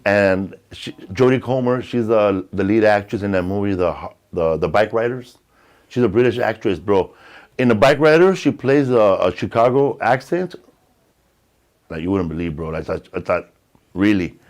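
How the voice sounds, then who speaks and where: A man's voice: fairly low pitch, animated, normal speed, a little mellow. A man hosting a podcast, chatting casually, rambling and profane, saying bro a lot. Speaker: podcast host. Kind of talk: casual chat. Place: podcast studio.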